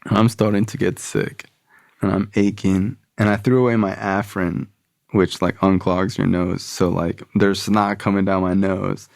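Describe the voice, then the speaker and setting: A man's voice: deep voice, little pitch movement, unhurried, vocal fry, no room sound, clean studio sound. A man guesting on a podcast, telling his own story candidly, with profanity and frequent "like" and "you know". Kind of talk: personal storytelling.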